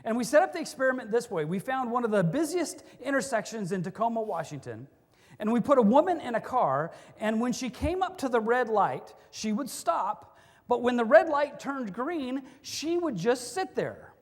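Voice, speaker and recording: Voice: mid-range voice, sing-song, normal speed. A pastor giving a sermon in a conversational way, mixing in humorous stories. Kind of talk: sermon with storytelling. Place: church. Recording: long reverb of a church hall.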